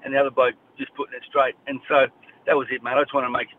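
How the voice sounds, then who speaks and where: A man's voice: medium pitch, level tone, very fast. A man with an Australian accent, a boxer talking bluntly and repeating himself as a guest in a radio interview. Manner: blunt, repetitive, fired-up. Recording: tinny phone line with faint noise.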